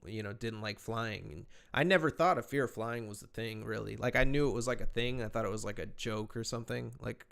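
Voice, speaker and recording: A man's voice: fairly low pitch, brisk, creaky, few pauses, fairly bright tone. Profane rambling man telling a story. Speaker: podcast host. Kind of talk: casual chat.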